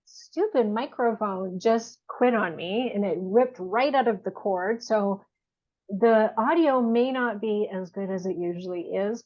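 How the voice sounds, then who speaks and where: A woman hosting an interview podcast, chatty and bubbly, who laughs easily. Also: medium pitch. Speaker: podcast host. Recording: dull backup microphone.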